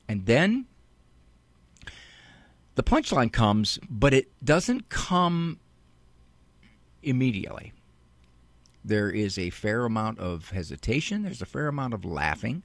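Unhurried guy doing stand-up, lively voice that jumps all over, dry close sound. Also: mid-range voice, dry recording. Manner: animated, acts out scenes. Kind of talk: stand-up comedy storytelling.

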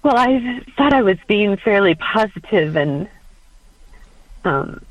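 A woman calling in to a radio advice show, hesitant and halting, with many pauses and ums. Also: mid-range voice, lively intonation, no room sound, highs cut off. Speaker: caller.

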